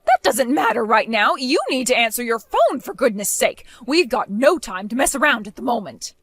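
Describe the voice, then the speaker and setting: A bossy middle-aged mother-in-law from an animated storytime cartoon, as a woman voices her, demanding and scolding in a fairly high voice. Her pitch swings widely from line to line. The sound is close and dry. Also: normal speed, dry recording, exaggerated voice.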